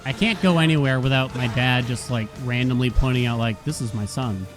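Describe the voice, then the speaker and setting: A man's voice: mid-range voice, brisk, music in the background. Chatty male streamer telling stories. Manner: chatty storytelling, acts out quotes. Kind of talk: casual gaming stream chat.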